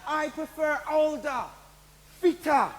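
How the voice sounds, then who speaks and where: A man's voice: very high-pitched, slow, in a large hall, background noise. A man playing a cocky Jamaican flirt. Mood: flirty. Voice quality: smooth, flirtatious. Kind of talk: live stage comedy.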